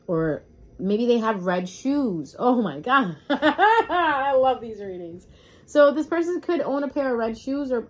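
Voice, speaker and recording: A woman in a casual, chatty tarot reading, talking straight to her viewers and getting excitable, recorded at home. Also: medium pitch. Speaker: tarot reader.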